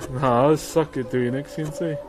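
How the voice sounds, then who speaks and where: New Zealand man, streamer, laid-back chatty, voice sits a touch high. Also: a little slow, music in the background. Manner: easygoing, greets viewers as brother, laughs often. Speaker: livestreaming woodcarver. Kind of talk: casual livestream chat while working.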